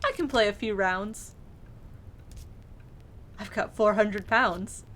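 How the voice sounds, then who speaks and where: A woman reading the lines of a poised young wife, calm, polite and measured. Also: medium pitch.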